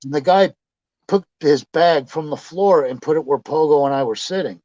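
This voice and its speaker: A man being interviewed, casually telling profane, animated stories and acting out what people said. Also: fairly high pitch, normal speed, no room sound, muffled recording. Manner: profane, animated anecdotes with acted quotes. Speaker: interview guest, pro wrestler. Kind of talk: casual storytelling.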